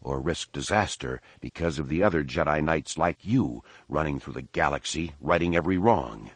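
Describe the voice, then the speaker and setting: A man voicing a young Jedi older brother who lectures quietly and sarcastically. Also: very deep voice, lively intonation, moderate pace, husky, no room sound, heavily acted. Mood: lecturing.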